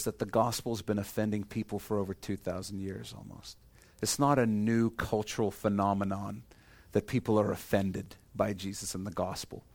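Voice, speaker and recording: A man preaching a sermon as pastor, earnest and emphatic, dropping to a quiet intensity on heavy points. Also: on the low side, creaky, no room sound. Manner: earnest preaching, stresses key lines, drops to soft intensity.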